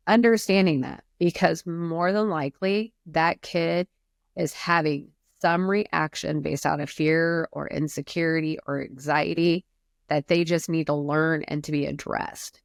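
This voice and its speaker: A woman's voice: low voice, fairly even intonation, a little slow, gravelly, no echo, clean studio sound. A woman therapist speaking earnestly and emphatically in a podcast conversation, explaining at length. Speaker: therapist guest.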